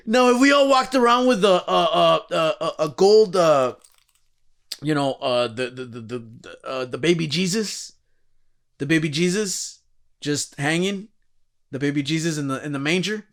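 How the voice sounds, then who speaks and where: A man's voice: fairly high pitch, moderate pace, a bit bright. A man hosting a casual podcast, rambling through a profane comic rant and laughing at his own jokes. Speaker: podcast host.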